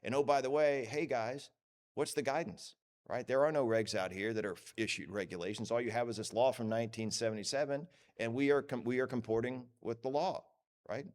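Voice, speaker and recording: A man giving a lively, joking lecture at a conference, acting out what others say. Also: mid-range voice, a little fast. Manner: lively, joking, acts out quoted voices. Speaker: conference speaker. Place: conference hall.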